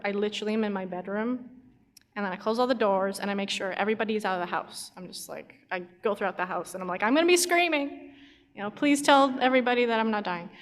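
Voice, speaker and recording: Woman, higher voice, chatty, giggly, long hall reverb. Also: a bit bright. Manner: chatty, giggly, many fillers. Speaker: animator and YouTuber on a panel. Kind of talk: casual panel chat.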